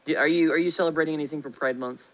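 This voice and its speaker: A man's voice: fairly high pitch, fairly even intonation, very fast, phone-quality sound. A man co-hosting a casual livestream, bantering and asking teasing questions. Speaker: co-streamer.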